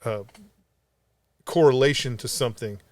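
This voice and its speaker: A man's voice: medium pitch, moderate pace, no room sound. A man telling a story on a casual podcast, rambling and swearing freely as he goes. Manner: rambling, profane, animated storyteller. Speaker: podcast co-host.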